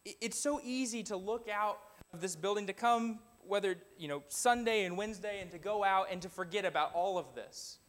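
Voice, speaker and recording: A man's voice: high voice, normal speed, fairly bright tone. A man preaching an earnest sermon in a church, reading scripture aloud and exhorting the congregation. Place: church building.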